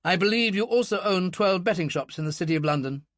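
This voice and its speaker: A man's voice: sits high, fast talker, no echo, clean studio sound, pitched above the performer's own voice. A man voicing a precise, formal woman police superintendent in an audiobook. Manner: precise, official, calm.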